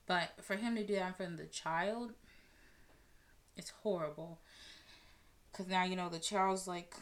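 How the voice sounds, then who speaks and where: Woman ranting on her podcast, blunt, swears a lot, gets animated. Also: lowish voice, unhurried. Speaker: podcast host. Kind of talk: casual commentary on celebrity news.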